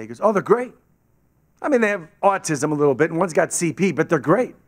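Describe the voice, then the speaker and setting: A man telling a story as a guest speaker to a club audience, acting out the voices of the people he quotes. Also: fairly high pitch. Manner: animated, acts out quoted voices. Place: meeting hall with an audience. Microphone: podium microphone.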